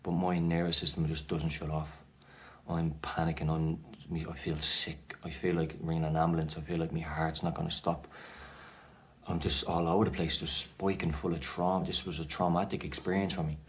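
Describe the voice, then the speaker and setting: Talking casually to the camera, this Irish man shares his own anxiety story as a vlogger, wandering off track with many fillers and false starts. He has a bass voice that barely moves in pitch and keeps a moderate pace.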